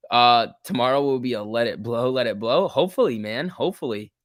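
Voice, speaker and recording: A man's voice: medium pitch, a little fast, dry recording, studio quality. A man casually commenting on a livestream and reading out chat, laid-back and chatty, laughing often. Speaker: stock market livestream host.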